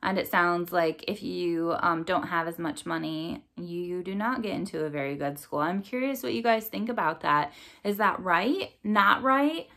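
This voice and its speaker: A woman's voice: fairly low pitch, moderate pace, gravelly, a bit bright. Woman reading a novel aloud. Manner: friendly, chatty outro with questions to listeners. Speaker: storybook reader.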